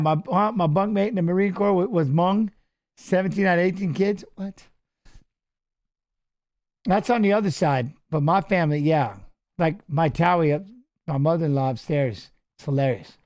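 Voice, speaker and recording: Middle-aged guy w a high voice riffing thru a fight live, yelling tips at the fighters. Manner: chatty, coaching fighters aloud, excited calls. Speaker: watch-along host. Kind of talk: casual live fight commentary.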